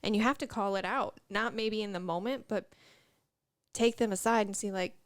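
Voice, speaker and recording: A woman co-hosting a casual morning talk show, agreeable and quick to affirm her partner. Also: medium pitch, steady tone, no room sound, clean studio sound. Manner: agreeable, frequent affirmations, laughs easily. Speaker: co-host.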